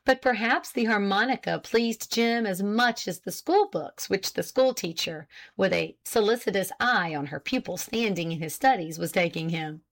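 A woman reading an old novel aloud in steady, measured audiobook narration. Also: medium pitch.

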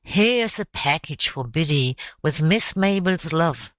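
A manservant speaks with polite condescension, as a woman reads him aloud. His voice is fairly low and unhurried. The sound is dry and close. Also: lively intonation, no echo. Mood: condescending. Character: condescending male servant.

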